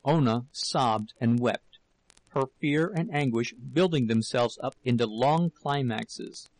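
A man narrating a novel in an audiobook with a steady, measured reading. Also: medium pitch, no echo, low-quality recording. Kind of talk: scripted narration.

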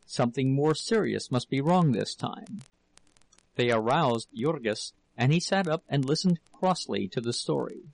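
A man narrating an audiobook of a novel in a measured, steady storytelling manner. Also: medium pitch, gravelly, no room sound, poor audio.

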